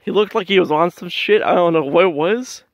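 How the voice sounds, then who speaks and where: A man's voice: high voice, fairly quick, no echo, dull audio. A young man telling a rambling story in a casual vlog, swearing freely and laughing often as he walks his dog in the woods. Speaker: vlogger. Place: outdoors in woods, walking dog.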